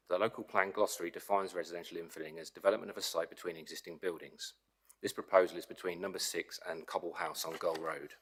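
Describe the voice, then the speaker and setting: A man acting as planning agent, reading a prepared statement to a council committee in a brisk, formal, persuasive way. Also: low-pitched, fairly bright tone, husky. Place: council meeting chamber. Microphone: desk microphone.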